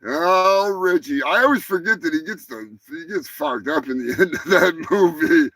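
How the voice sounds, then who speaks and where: A man hosting a live stream, rambling crudely through his sign-off and laughing as he talks, high. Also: animated, normal speed, a bit bright, no echo. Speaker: host.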